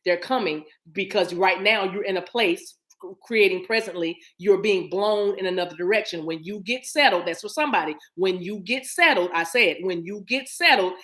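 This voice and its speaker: A middle-aged woman gives a spiritual card reading in a loose, chatty way. She is animated and encouraging, acting out scenes with hums and little sounds. Her voice sits at an ordinary pitch for a woman. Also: normal speed. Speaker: spiritual reader.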